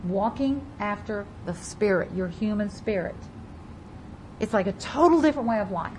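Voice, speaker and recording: A woman preaching a sermon, reading scripture aloud and stressing key words over and over, her loudness rising and falling. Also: medium pitch, lively intonation, moderate pace, noisy background. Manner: emphatic, repeats key words, varies loudness widely; reads scripture aloud in King James wording. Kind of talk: Bible teaching sermon.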